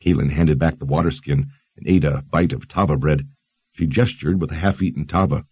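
A man narrating an audiobook in a steady, even reading style on dull lo-fi audio. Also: rumbling low, a little fast, husky, dry recording. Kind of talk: scripted narration.

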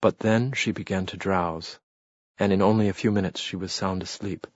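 A man narrating an audiobook in a calm, even storytelling manner. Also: low-pitched, moderate pace, no echo. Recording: dull, muffled recording.

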